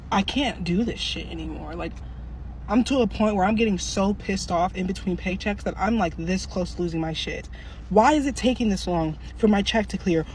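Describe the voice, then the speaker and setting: A woman's voice: fairly low pitch, a little mellow. Furious young woman ranting, faint road noise. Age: 20s. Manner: furious, swearing heavily, rapid rhetorical questions. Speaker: social worker. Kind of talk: angry venting monologue.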